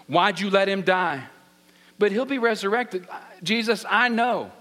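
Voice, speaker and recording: A man's voice: sits high, animated, normal speed, a bit bright. A man voicing a grieving woman who pleads and complains to a friend who came too late. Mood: frustrated pleading. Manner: pleading, exasperated. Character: grieving, frustrated woman, sister of the dead man.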